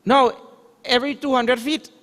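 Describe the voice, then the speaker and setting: This swami's very high, somewhat bright voice holds a steady tone as he delivers a spiritual lecture. He defines scripture terms, asks rhetorical questions, and chants verses at a slow pace, all under long hall reverb.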